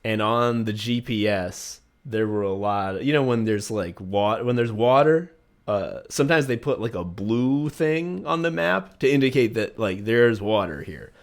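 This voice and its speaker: A man's voice: lowish voice, lively intonation, a little slow. Male podcast co-host, casual, rambling, profane, joking storyteller. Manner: rambling, profane, jokey storytelling with many fillers. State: recovering from a virus. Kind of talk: casual chat.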